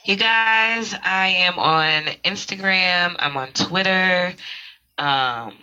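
Bright, playful woman co-host. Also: on the low side, slow pace, smooth, highs cut off. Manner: playful, teasing slang. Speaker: podcast co-host. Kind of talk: casual chat.

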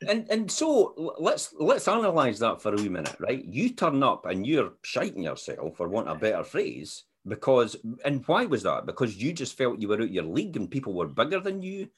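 Lively husky host. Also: male voice, medium pitch. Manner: lively, encouraging questions, quick asides. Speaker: podcast host. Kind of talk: casual interview chat.

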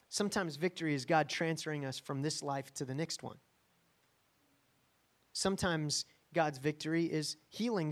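Emphatic conversational male preacher. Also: a little high. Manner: emphatic, conversational, frequent "right?" asides. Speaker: pastor. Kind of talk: sermon.

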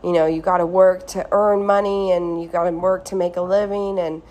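A woman's voice: lowish voice, flat delivery, moderate pace, darkish tone, lo-fi sound. A woman hosting a solo podcast, talking earnestly and casually with lots of "like", recorded on a phone in a hotel room. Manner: casual, earnest, heavy use of "like". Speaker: podcast host. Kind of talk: reflective solo podcast monologue. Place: hotel room at a beach resort.

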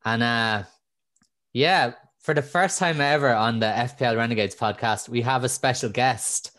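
A Kildare Irishman hosting a podcast in a mid-pitched, slightly put-on radio voice. He teases his co-hosts as he leads the chat. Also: normal speed, a bit bright. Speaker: podcast host.

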